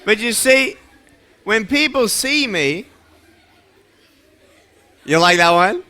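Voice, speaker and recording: A man's voice: sits high, expressive, takes it slowly, pushed and bright. A young man giving a playful motivational talk to schoolchildren, asking questions and leading them in call-and-response chants. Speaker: motivational speaker addressing schoolchildren. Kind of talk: animated interactive talk to kids.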